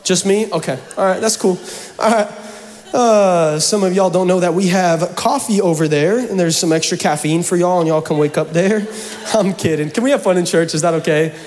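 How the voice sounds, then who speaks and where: A man's voice: high voice, moderate pace, a little mellow, big-room sound. A pastor from Seattle preaching a sermon to his congregation in church, mixing scripture with jokes and playful asides. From Seattle, USA.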